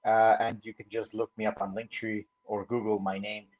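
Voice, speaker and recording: A man co-hosting a political podcast, who talks in a measured way with frequent fillers. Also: on the low side, flat delivery. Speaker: podcast co-host. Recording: dull lo-fi sound.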